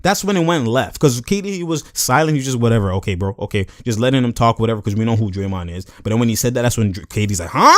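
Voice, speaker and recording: A man's voice: mid-range voice, fast talker, few pauses, dry recording, studio quality. A young man doing casual video commentary, animatedly breaking down a basketball clip in slang and acting out what the players said. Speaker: sports commentary vlogger.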